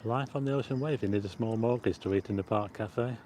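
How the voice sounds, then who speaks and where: A man's voice: on the low side, fairly quick, mellow, slight background noise. A man hosting a live walking vlog in a city park, chatting loosely to viewers and greeting them as he goes, on a plug-in mic attached to a phone. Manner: chatty and rambling, greets viewers and reads out chat. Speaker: livestream host. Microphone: plug-in mic on a phone with a stabilizer.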